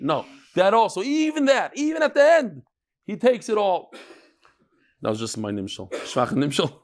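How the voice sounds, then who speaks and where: A man giving a lively storytelling lecture as a Talmud teacher. His voice sits a little higher than most men's. He keeps it animated, slipping in and out of the voices of the people in his tales. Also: normal speed. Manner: animated, jumps between voices while telling jokes.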